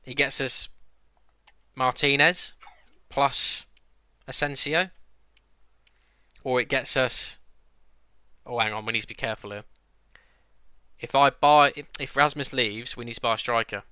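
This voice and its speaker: Young guy streaming a footy manager game, bright sharp voice, chatty, rants at the game n talks to chat. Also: mid-range voice, unhurried, pauses often, clear, resonant tone, no echo, studio quality. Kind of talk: casual gameplay commentary.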